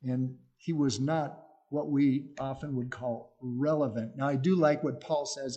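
Middle-aged male preacher, earnest conversational sermon delivery, warm dark tone. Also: mid-range voice, steady tone, unhurried, few pauses. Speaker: missionary speaker.

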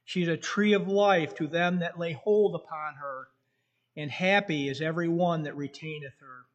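A male preacher delivering a sermon in a somewhat high voice. He reads scripture slowly and earnestly, and a faint whistle comes from his tooth. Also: highs cut off. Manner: slow, earnest delivery, reading scripture aloud.

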